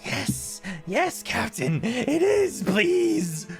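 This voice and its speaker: A man voicing Coax, a jittery, high-voiced male mechanic on a pirate ship in a tabletop game. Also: wildly swooping pitch, drawn-out words, soft background music, heavily acted. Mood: eager.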